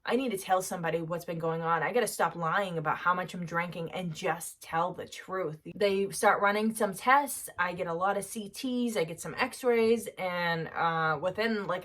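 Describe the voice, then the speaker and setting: A woman's voice: on the low side, normal speed, fairly bright tone. Candid woman telling her story. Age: 30s. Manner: candid, conversational, many fillers. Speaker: vlogger sharing her recovery story. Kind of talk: personal storytelling to camera.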